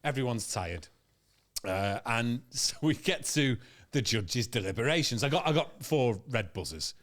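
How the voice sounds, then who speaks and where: Animated sweary comic storyteller. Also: male voice, mid-range voice, measured pace. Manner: animated, sweary, laughs through his own story. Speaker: comedian guest.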